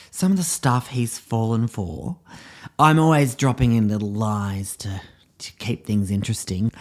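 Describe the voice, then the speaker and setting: A man's voice: on the low side, a little mellow. A man playing a pompous drama teacher, rambling with fillers in a comedy monologue. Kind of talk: comedy podcast character monologue.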